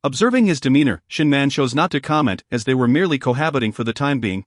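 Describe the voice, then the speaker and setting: A man's voice: mid-range voice, fast, hardly any pauses, dry recording. Man reading a story, dry sound. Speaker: narrator. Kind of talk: scripted narration of a romance story.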